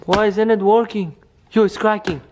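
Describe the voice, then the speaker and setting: A man's voice: sits high, steady tone, moderate pace, noisy background. A young man acting out a scripted horror skit for his vlog, panicking and repeating his exclamations. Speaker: vlogger.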